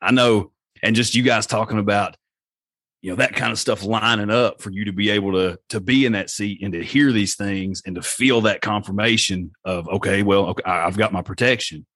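A man with a low voice speaks in a thoughtful, measured way, reflecting in casual podcast talk. The sound is dry and close. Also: a bit bright, no echo. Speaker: podcast guest.

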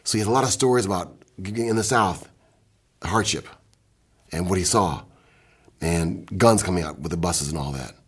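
Husky deep-voiced older man telling stories. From Michigan, USA. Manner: animated anecdotes, quick bursts, mimics and scats. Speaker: music producer. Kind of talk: storytelling in casual talk. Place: indoor recording studio.

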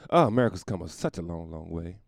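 A man's voice: deep voice, expressive, quick pace, gravelly, darkish tone, dry recording, clean studio sound. A man going on a rambling, profane comedic rant, often laughing at his own jokes.

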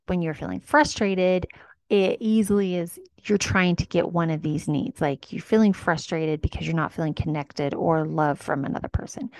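A woman hosting a self-help podcast, talking casually and acting out quick little dialogues. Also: on the low side, darkish tone, dry recording. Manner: chatty, acts out little dialogues with rising voice. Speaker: podcast host.

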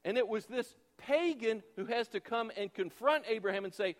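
A high-pitched man preaching a sermon in a church sanctuary, his voice trailing off in a long hall reverb. He presses his points with rhetorical questions and sinks from ringing emphasis to near-whispers. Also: normal speed. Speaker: pastor.

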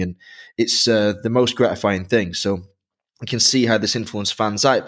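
A man in his thirties talks casually as a podcast co-host, his voice sitting a little low. He rambles through long answers with relaxed, self-deprecating asides. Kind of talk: casual chat.

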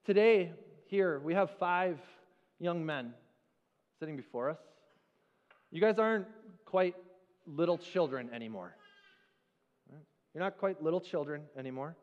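A man preaching a sermon as pastor in a church, with a conversational, animated storytelling manner. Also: on the high side, measured pace, long pauses, in a large hall, highs cut off. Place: church sanctuary.

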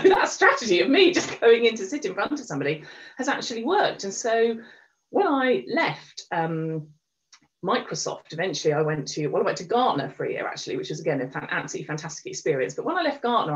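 Speaking fairly quickly in a lowish, expressive voice, a middle-aged woman tells her story candidly as an interview guest. She uses plenty of fillers and restarts, and the lo-fi recording sounds dull.

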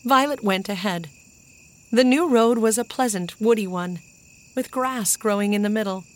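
Storybook narrator, woman, measured and even-paced reading. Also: mid-range voice, no echo. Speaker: audiobook narrator.

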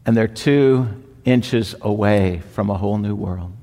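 A man preaching a sermon with slow, deliberate emphatic repetition. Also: fairly low pitch, dark tone. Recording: long hall reverb.

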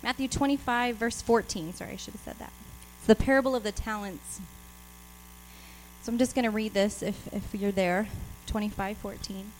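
A woman's voice: mid-range voice, fairly even intonation, normal speed, a little mellow, low-quality recording. Woman preaching kinda breathless, chatty and laughy, lots of restarts, faint hum behind. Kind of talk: informal sermon with scripture reading.

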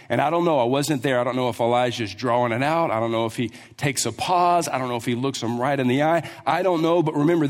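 A man preaching a sermon, telling a Bible story with lively asides and acting out the characters. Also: a little high. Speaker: pastor. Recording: long hall reverb.

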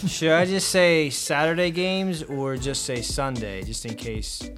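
A man's voice: a little high, steady tone, unhurried, music in the background. Hesitant man giving betting picks. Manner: hesitant, drawn out. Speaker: podcast co-host. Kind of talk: casual sports betting chat.

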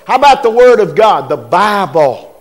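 An older man preaches with a drawl, his voice sitting high for a man. He spins homespun anecdotes in an easy, folksy sermon style and breaks into little voices for the people in his stories. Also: very animated, normal speed.

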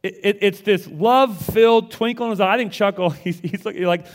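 Animated, higher-voiced male pastor. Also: brisk. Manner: animated, repeats words when excited. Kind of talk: conversational sermon.

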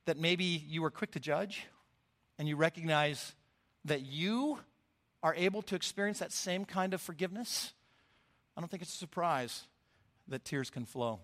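A middle-aged man giving a sermon as a lay preacher, telling the story in an expressive, animated way. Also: fairly high pitch, moderate pace, long pauses.

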